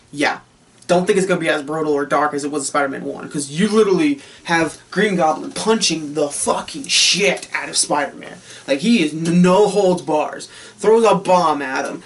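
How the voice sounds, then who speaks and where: Excited, profane man reviewing a film. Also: fairly high pitch, recorded from a distance, slight background noise. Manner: excited, profane, laughing often.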